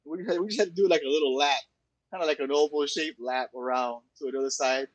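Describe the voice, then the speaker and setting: A man's voice: on the high side, dry recording, dull audio. A man in his forties, a veteran, recounting memories in casual chat, often stopping and restarting his sentences. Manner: halting, repeats and restarts. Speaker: military veteran.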